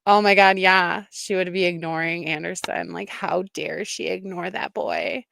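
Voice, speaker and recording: A woman's voice: on the low side, steady tone, normal speed, vocal fry, fairly bright tone, slight background noise. A woman hosting a livestream, giving blunt, mocking reaction commentary, swearing freely.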